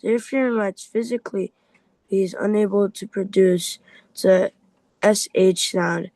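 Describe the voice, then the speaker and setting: A man's voice: high-pitched, fairly even intonation, a little slow, a little mellow, dry recording, poor audio. A man reading aloud in a Bible class, stumbling over words and restarting often.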